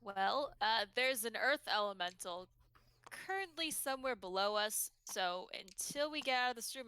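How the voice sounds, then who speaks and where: A woman's voice: medium pitch, pushed and bright, smooth, no room sound. A woman playing a tabletop game, thinking aloud hesitantly with many fillers. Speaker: player.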